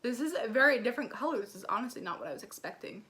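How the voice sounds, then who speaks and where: A woman beauty vlogger gushing through an excited unboxing, gasping often and filling her talk with "like" and "oh my gosh.". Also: fairly high pitch, racing. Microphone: ring light setup, desk camera.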